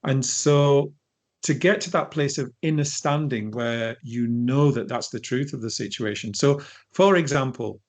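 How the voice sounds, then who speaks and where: Brief: middle-aged man, guest coach, animated storyteller, mid-pitched voice. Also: measured pace. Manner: animated storytelling, frequent restarts. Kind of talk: conversational interview.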